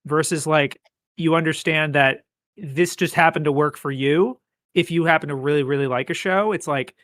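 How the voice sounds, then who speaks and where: Podcast co-host, male, bright and a bit high, rambling agreeable delivery, dry close mic. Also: moderate pace, dry recording. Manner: rambling, restarts often, agreeable. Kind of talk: casual chat.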